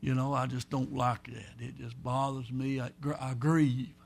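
A pastor preaching a folksy, rambling sermon, swinging between loud and soft. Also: male voice, mid-range voice, level tone, moderate pace, gravelly, husky.

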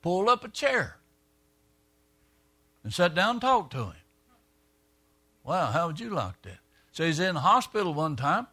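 Man, preacher, folksy sermon storytelling, slightly high voice. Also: sing-song, measured pace, pauses often, bright, forceful tone. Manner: folksy, retells dialogue in quoted voices.

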